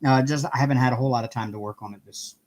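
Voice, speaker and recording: A man's voice: mid-range voice, steady tone, racing. A man hosting a casual live stream from home, cheerfully greeting viewers one by one by name while he works on a craft project. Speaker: livestream host.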